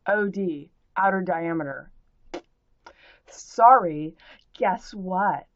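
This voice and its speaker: A woman's voice: fairly low pitch, animated, slow, long pauses, dry recording, highs cut off. A woman in a ranting monologue aimed at a commenter, spelling out words letter by letter, rhyming in playful wordplay and swearing freely. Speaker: vlogger answering a commenter.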